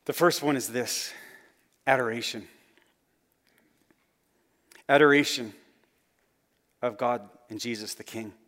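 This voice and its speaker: A man's voice: slow pace, long pauses. Earnest male preacher with a mid-range voice delivering a sermon; long reverb from a large hall. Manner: earnest, rising then dropping to soft low phrase endings. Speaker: pastor.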